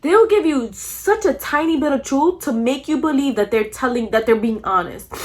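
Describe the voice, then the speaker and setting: A young woman telling a storytime in a casual vlog, talking in an animated, blunt way, swearing freely and coughing now and then. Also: fairly high pitch. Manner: coughs often between phrases.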